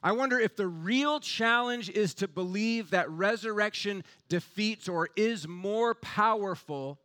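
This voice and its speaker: Man, pastor, fervent sermon, rhetorical build, fairly high voice. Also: unhurried, pushed and bright.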